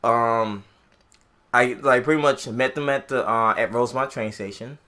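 Bright-voiced man rambling through a story. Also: mid-range voice, moderate pace. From Illinois, USA. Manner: rambling, animated storytelling with many restarts. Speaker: podcast co-host. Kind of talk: casual chat.

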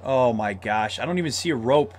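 A man playing a horror puzzle game as a let's-play, easily startled, yelling when scared and talking himself through the tense parts. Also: mid-range voice, fairly quick, slight background noise. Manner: excitable, shouts in fright, talks himself through scares. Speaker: gamer.

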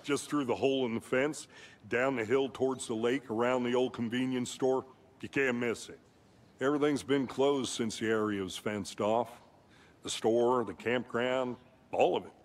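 A man's voice: medium pitch, fairly even intonation, normal speed, natural voice. An actor playing a nervous small-town male deputy in a game, awkward and stammering.

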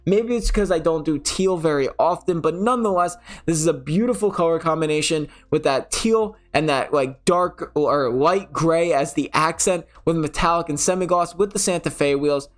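With a fairly high pitch, normal speed and few pauses, this young man from the New York City area hosts a gaming channel. His talk over the game footage is chatty and rambling, full of mid-sentence self-corrections.

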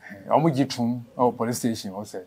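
A Ghanaian man speaking as an interview guest, telling a long story that grows animated and rushed as it goes. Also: mid-range voice, crowd noise. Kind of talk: emotional interview.

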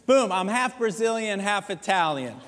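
A man preaching a sermon as pastor, telling stories lively and joking with the congregation. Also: high voice, normal speed. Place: large church sanctuary. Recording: echoey church hall.

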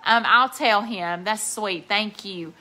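A woman, chatting casually on a live stream, telling stories slowly and laughing often. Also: mid-range voice, sharp tone. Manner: slow, drawling storyteller, laughs often. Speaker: co-host, mother.

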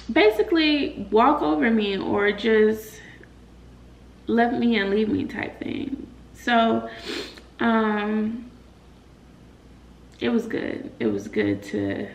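A woman's voice: mid-range voice, gravelly, muffled recording. A young woman vlogging in casual chat, talking straight to her viewers. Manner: chatty, talks straight to viewers. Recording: roomy echo, faint room noise.

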